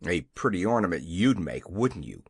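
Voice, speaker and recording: A reader voicing a short-tempered gnome king in a storybook who blusters, shouts and growls. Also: low-pitched, sing-song, normal speed, husky, dry recording, studio quality, voice pushed down, exaggerated voice. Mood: blustering. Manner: blustering, easily startled.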